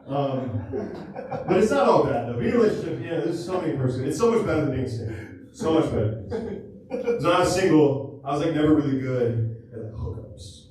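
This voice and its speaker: A man's voice: a little high, very animated, moderate pace, distant mic. A young man doing a crude, rambling stand-up set on a comedy club stage into a handheld mic, laughing through his own jokes. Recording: echoey club audio, heard from afar. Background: laughing crowd.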